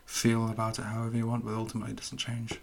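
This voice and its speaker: A man's voice: lowish voice, monotone, racing, vocal fry, a little hiss or hum. A man co-hosting a casual podcast, matter-of-fact and dry. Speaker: podcast co-host. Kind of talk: casual chat.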